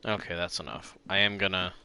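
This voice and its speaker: A man's voice: low voice, a little fast, bright, forceful tone, slight background noise. A man streaming a game, chatting casually and self-mockingly, swearing now and then, and reading game text aloud.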